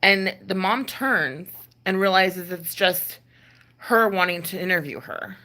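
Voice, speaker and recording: A woman with a fairly low, sharp voice speaks at a measured pace while ranting casually on her stream. She's an ASMR creator, exasperated and prone to sighs, filler words and cursing.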